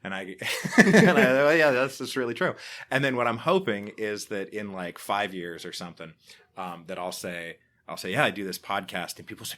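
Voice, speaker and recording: A man's voice: on the low side, normal speed. An American man in his forties, a podcaster and author, chatting casually in an interview and acting out remembered exchanges with animation. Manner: animated storyteller, acts out quoted exchanges.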